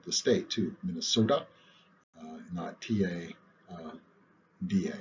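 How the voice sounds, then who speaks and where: A man with a very low voice lectures in an unhurried, conversational way and stops often on "uh". The sound is dull and lo-fi, with a faint hiss underneath. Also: darkish tone. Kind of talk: recorded lecture on public speaking. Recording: muffled lo-fi recording with faint hiss.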